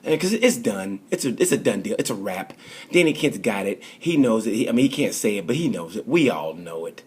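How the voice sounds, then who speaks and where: A man's voice: lowish voice, animated, brisk, slightly rough. A man casually reviewing a motorcycle race in a rambling, chatty way. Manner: rambling, chatty, full of fillers and restarts. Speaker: motorsport vlogger.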